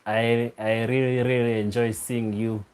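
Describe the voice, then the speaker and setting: Slow-talking man chatting on a live stream. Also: mid-range voice, little pitch movement, a little mellow, smooth. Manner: laughing often, teasing and repeating a viewer's name. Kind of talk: casual live stream chat reading comments.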